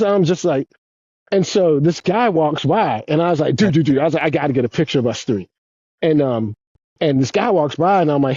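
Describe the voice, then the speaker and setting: A man chatting as a podcast guest, telling excited stories with lots of swearing. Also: fairly quick, dry recording, muffled recording. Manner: excited storyteller, swears a lot, animated swings in pitch. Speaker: podcast guest, former pro skateboarder. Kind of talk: casual interview chat.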